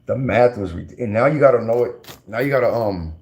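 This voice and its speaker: A man's voice: mid-range voice, fairly quick, darkish tone. A man tells a story in loose, casual talk. His voice sits in an ordinary middle register. He rambles, restarts often and leans on slang and fillers.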